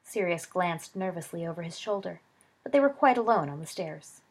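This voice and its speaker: A woman narrating a story in a steady, soft reading voice. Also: lowish voice, moderate pace. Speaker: audiobook narrator.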